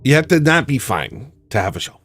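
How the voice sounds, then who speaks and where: A man's voice: mid-range voice, sing-song, fairly quick, soft background music. A man hosting a livestream, rambling through a self-mocking comic monologue with theatrical outbursts. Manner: self-mocking, theatrical, bursts into sudden yells. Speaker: livestream host.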